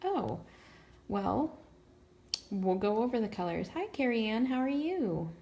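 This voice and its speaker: A woman's voice: on the high side, big pitch swings, a little slow, mellow, slight background noise. A woman with a Texan accent hosting a casual livestream coloring tutorial, chatty and laughing often, tired after a long day. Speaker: craft tutorial host.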